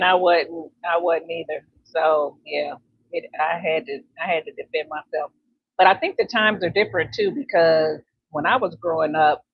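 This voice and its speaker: A woman's voice: lowish voice, vocal fry, breathy edge, dry recording. A middle-aged woman hosting and chatting in an easygoing, conversational way over a video call. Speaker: host. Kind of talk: casual chat. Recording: dull lo-fi dry sound.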